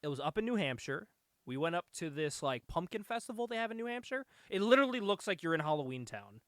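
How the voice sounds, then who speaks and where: A man hosting a casual comic-book podcast, telling excited, profane stories and laughing often. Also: high voice, fast, no echo, studio quality. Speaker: podcast host. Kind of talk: casual chat.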